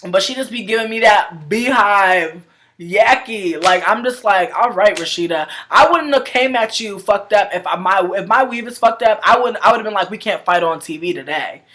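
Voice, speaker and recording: A woman giving casual, profane commentary on a reality show over a webcam livestream. She swings between loud outbursts and low mutters. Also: lively intonation, normal speed. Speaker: reality TV reviewer.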